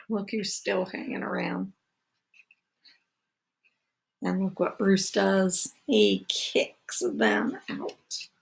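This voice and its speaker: Slow-reading woman teacher, storybook. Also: mid-range voice, vocal fry, a little hiss or hum. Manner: slow, expressive storytelling with asides to listeners. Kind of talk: reading a picture book aloud to children.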